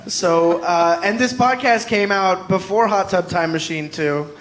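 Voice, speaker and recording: Man, comedian guest, high pitch, rambling, self-deprecating, live show. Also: a little slow, a bit bright. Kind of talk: casual live podcast chat. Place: live show before an audience.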